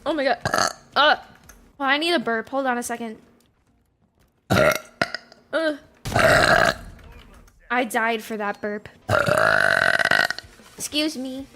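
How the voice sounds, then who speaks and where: A woman's voice: on the high side, slow pace, pauses often, fairly bright tone, slight background noise. A young woman talking casually in short clips, often exclaiming and excusing herself.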